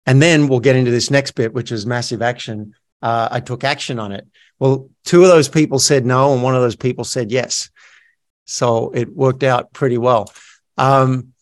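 A man, a business coach turned actor, candidly telling stories in an interview with a self-deprecating manner. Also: medium pitch. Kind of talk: casual storytelling interview.

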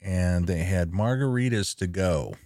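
His voice sits low and a little mellow as he hosts a podcast of easygoing, casual chat. He rambles along chattily and is quick to laugh.

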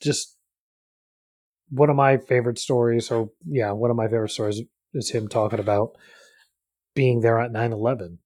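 A man co-hosting a podcast in casual chat, easygoing and quick to agree. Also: medium pitch, steady tone, a little mellow. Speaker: podcast co-host.

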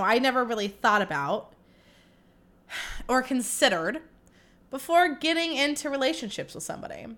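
A young woman hosting her own podcast, ranting candidly about dating, dramatic and self-mocking, swearing freely and swinging between loud outbursts and low mutters. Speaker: podcast host. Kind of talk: candid solo podcast monologue.

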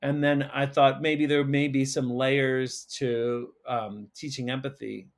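Male school counsellor, guest, earnest and emotional, mid-pitch, talks in loose restarts. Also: flat delivery, slow. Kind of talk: casual storytelling conversation.

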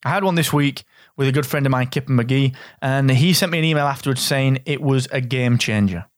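A middle-aged man with a Northern English accent, hosting a solo business podcast in an energetic, straight-talking, jokey way. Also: mid-range voice, brisk, no echo, clean studio sound. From Northern England. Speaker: podcast host.

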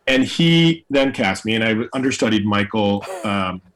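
A middle-aged man from New York City, an actor telling stories from his career in a lively conversational way. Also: lowish voice, normal speed, low-quality recording. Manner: animated storyteller, acts out quoted voices. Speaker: actor and guest. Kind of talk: storytelling in conversation.

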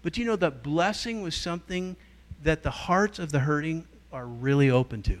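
A middle-aged guest church leader gives a teaching talk, telling stories animatedly and acting out the voices of those he quotes. His pitch is fairly high and he speaks at normal speed.

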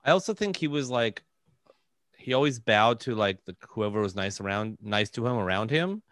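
A man's voice: on the low side, animated, moderate pace, a bit bright, dry recording, studio quality. A man co-hosting a comedy podcast, joking loosely and laughing often. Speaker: podcast co-host. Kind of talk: casual comedic chat.

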